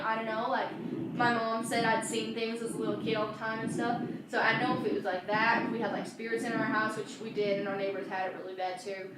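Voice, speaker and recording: A young woman casually telling a story, rambling with many fillers and restarts. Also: fairly high pitch. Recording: very echoey room, far from mic, faint noise.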